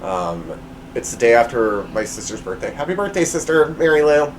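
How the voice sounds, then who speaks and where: A man's voice: mid-range voice, very animated, moderate pace, a little hiss or hum, rough recording. A man hosting his own podcast, telling a personal story in a rambling, self-deprecating way with lots of fillers and restarts, recorded at home. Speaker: podcast host.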